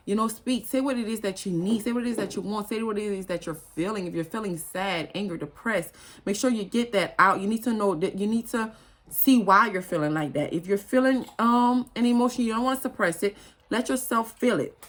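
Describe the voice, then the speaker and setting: A woman's voice: mid-range voice, brisk. A woman, talking to her viewers in an earnest, emotional and rambling casual monologue. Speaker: spiritual vlogger.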